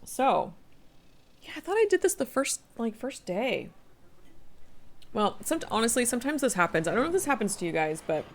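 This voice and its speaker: A woman's voice: fairly high pitch, big pitch swings, normal speed, long pauses. Chatty middle-aged woman game streamer. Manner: chatty, thinks aloud, reads quest text aloud. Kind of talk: casual live-stream commentary.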